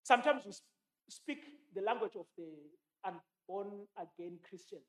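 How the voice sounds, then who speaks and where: A man delivers a sermon in a notably high voice. He talks emphatically, quotes scripture and repeats his key lines for weight. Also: normal speed. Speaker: preacher.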